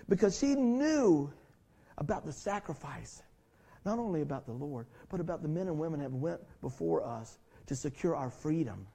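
High-voiced, mellow-toned man preaching a folksy sermon. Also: lively intonation, normal speed, vocal fry, breathy edge. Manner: folksy, conversational preaching with acted-out quotes. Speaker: pastor. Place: church sanctuary.

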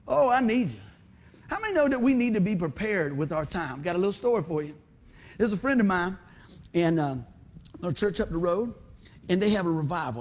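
Man, pastor's sermon, husky, high and animated delivery, folksy church storytelling. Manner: folksy storytelling with lively quoted voices. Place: church sanctuary.

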